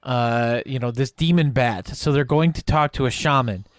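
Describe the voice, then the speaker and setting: A man co-hosting a podcast in casual chat, relaxed and chatty, laughing often. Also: medium pitch, normal speed, no echo, clean studio sound. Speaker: podcast co-host.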